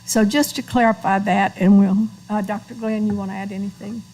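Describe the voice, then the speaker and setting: A woman's voice: medium pitch, flat delivery, a little fast, a little mellow, rough recording. A woman chairing a school board meeting, matter-of-fact and procedural as she calls on speakers.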